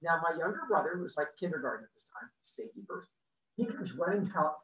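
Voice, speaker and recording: A man spins a personal story with a lively, swooping delivery. He acts out the people in it as he goes. His voice is bright and sits back from the mic in a roomy space on a muffled video-call recording. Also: on the high side, fast, distant mic.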